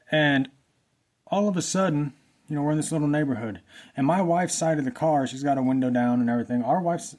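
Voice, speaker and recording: A man's voice: medium pitch, a little mellow. A man telling a personal faith testimony in a casual, rambling way, often repeating himself. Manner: earnest, rambling, repeats phrases. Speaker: vlogger sharing a testimony. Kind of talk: casual storytelling.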